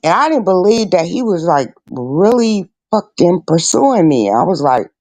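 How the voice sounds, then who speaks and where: A woman's voice: on the low side, sing-song, measured pace, darkish tone, no room sound. A middle-aged woman hosting a casual chat, telling stories bluntly and with plenty of swearing. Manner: blunt, profane storyteller. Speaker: host.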